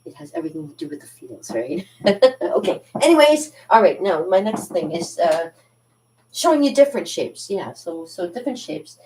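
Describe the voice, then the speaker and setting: A chatty Canadian woman hosting her own cartooning channel talks straight to her viewers, rambling and getting sidetracked. Her voice sits a little low, and she sounds a bit far from the microphone. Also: big pitch swings, normal speed, darkish tone. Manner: rambling, sidetracked, laughs often. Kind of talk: casual chat to viewers.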